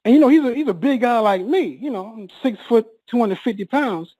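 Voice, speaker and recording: A man's voice: extremely high pitch, expressive, mellow, no echo, rough recording. Emotional man telling a personal story. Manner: halting, repeats words, voice rises when reliving panic.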